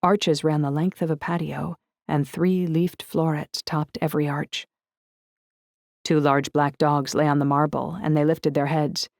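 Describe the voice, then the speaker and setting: A woman narrating an audiobook in the first person, steady and descriptive. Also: low voice, a little slow, gravelly, dry recording, studio quality.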